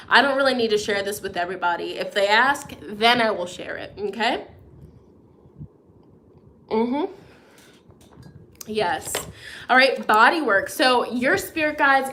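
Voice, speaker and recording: Bright-voiced woman giving a tarot reading. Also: on the high side. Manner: encouraging, chatty, frequent "okay?" check-ins; reads out viewer comments. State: runny nose. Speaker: tarot reader. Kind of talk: live tarot forecast reading.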